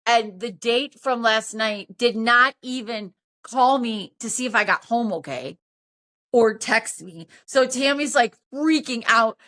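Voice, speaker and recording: A woman's voice: fairly high pitch, a little slow. A woman in her fifties, a podcast host telling a story in casual chat and acting out the dialogue. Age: 50s. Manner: animated, acts out quoted dialogue.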